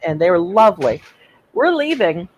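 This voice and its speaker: Expressive woman sharing a story. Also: fairly low pitch, moderate pace, a little hiss or hum, low-quality recording. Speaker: podcast co-host. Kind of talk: casual storytelling chat.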